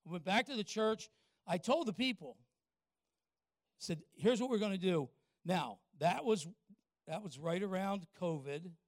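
Older pastor telling a story. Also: male voice, high voice, animated, no room sound, studio quality. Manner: folksy, talks to the congregation with quick questions. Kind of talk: sermon storytelling.

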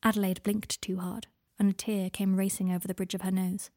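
A woman narrating her own story in a soft, hushed, unhurried way. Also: medium pitch, flat delivery. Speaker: author and reader.

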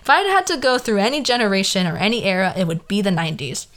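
Very animated and quick, her medium-pitched voice carries a fairly bright tone. The speaker is a twentysomething podcast host from the San Fernando Valley, California, with a Valley girl accent, rambling on a casual solo show, heavy on "like" and questioning inflection.

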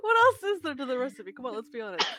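High-voiced teasing woman, slow and bouncy, laughing, podcast co-host. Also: very animated, a bit bright. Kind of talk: casual chat.

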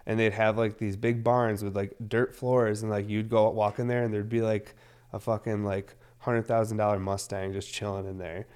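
Man, 30s, low voice; loose, filler-heavy, profane vlogger chat. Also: level tone, normal speed, darkish tone, clean tone. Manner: loose, rambling, heavy on fillers, swears often. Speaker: cannabis vlogger. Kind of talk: casual rambling monologue.

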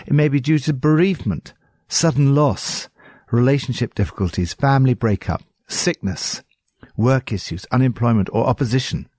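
A man's voice: mid-range voice, darkish tone, no echo, studio quality. A man with an English accent giving earnest, pastoral devotional commentary on scripture.

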